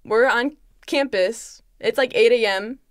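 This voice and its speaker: A woman's voice: a little high, dry recording, studio quality. A young woman on a podcast telling a story in casual chat, quoting people back and forth. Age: young adult. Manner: animated, quick retelling with many quoted asides. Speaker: podcast guest. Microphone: studio microphone.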